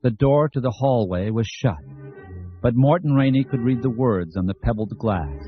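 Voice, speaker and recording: Guy narrating an audiobook, husky voice, kinda dull lo-fi recording. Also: mid-range voice, expressive, moderate pace, faint music behind. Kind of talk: scripted narration.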